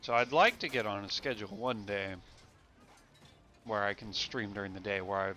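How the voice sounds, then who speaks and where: A man's voice: fairly low pitch, moderate pace, sharp tone, highs cut off. A young man chatting casually and rambling while he streams a game, often restarting his sentences. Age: young adult. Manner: rambling, self-correcting chat. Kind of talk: casual gameplay commentary.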